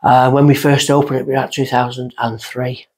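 A middle-aged woman with a slightly husky voice talks as a guest on a podcast. She tells her stories in an animated, casual way and slips into little voices for the people in them. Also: extremely low pitch, brisk. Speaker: guest medium. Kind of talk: casual storytelling chat.

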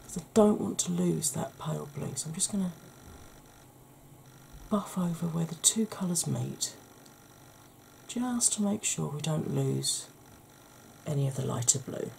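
A woman with a husky, croaky voice hosts a soft-spoken ASMR makeup tutorial, chatting gently to her viewers. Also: low-pitched, lively intonation, measured pace, long pauses, slight background noise. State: husky, croaky voice from a sore throat.

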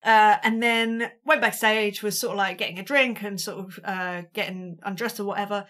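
Her mid-range voice is a bit bright, with fairly even intonation and a moderate pace. Guesting on a podcast, this British touring drummer spins a casual, self-deprecating story and gives the quoted lines an energetic performance.

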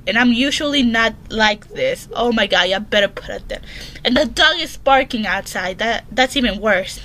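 A woman's voice: on the high side, lively intonation, normal speed, pushed and bright, slight background noise. A woman in her bedroom giving casual horror game commentary, reading questions aloud and answering them in a jumpy, chatty way. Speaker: gaming channel host.

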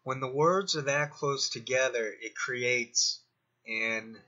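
A man's voice: mid-range voice, slow pace, bright, forceful tone, muffled recording. A man hosting a commentary channel, digressing as he talks himself through his points in a rambling monologue.

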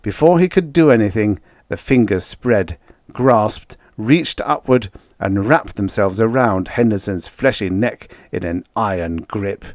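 A man narrating a vintage science fiction story in a measured storytelling manner. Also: fairly low pitch, animated, a little mellow, no echo, studio quality. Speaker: audiobook narrator. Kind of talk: scripted narration.

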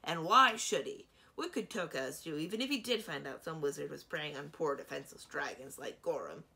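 A woman's voice: low voice, sing-song, moderate pace, creaky, sharp tone, full character voice. A woman voicing a sarcastic, bored male dragon who mutters dryly in a storybook reading. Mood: contemptuous.

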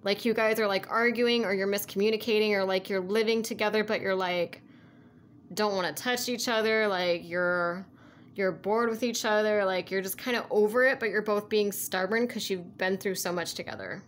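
A woman's voice: mid-range voice, steady tone, moderate pace, a little hiss or hum. A woman giving a casual tarot reading to her viewers, rambling and earnest, with lots of "like" and "you know". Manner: rambling, heavy use of "like", earnest and encouraging. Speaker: tarot reader.

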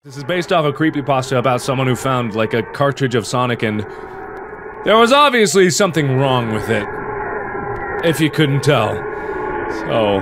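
A man giving jokey, excitable commentary while playing a horror game, often yelping. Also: medium pitch, normal speed, pauses often, noisy background. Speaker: gaming commentator. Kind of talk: let's play commentary. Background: game music.

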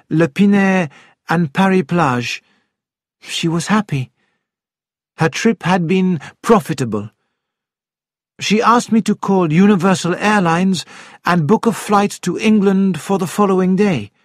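A man's voice: high-pitched, unhurried, pauses often, dry recording, clean studio sound. A man voicing a loyal, anxious young French maid who pleads her innocence in an audiobook drama. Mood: earnest. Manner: earnest, pleading denials.

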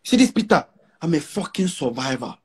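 Speaking with a Nigerian Pidgin English accent, this Nigerian Igbo musician of about forty has a fairly high, husky, darkish voice that swings widely in pitch and moves briskly. As a guest in a casual interview, he's brash and emphatic and repeats lines for effect.

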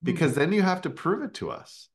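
A man's voice: fairly high pitch, sing-song, brisk. A man coaching speakers in a casual online session, explaining with filler words.

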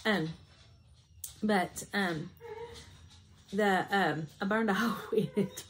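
A woman's voice: medium pitch, takes it slowly, slight background noise. A woman chatting casually at home about her finished cross-stitch pieces, rambling with many ums. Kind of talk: casual show-and-tell chat.

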